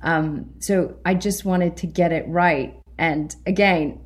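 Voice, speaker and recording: Lively British actress, laughing often. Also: female voice, lowish voice, takes it slowly. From Britain. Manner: animated, laughs often, acts out her own reactions. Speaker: actress, interview guest. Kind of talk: casual interview chat.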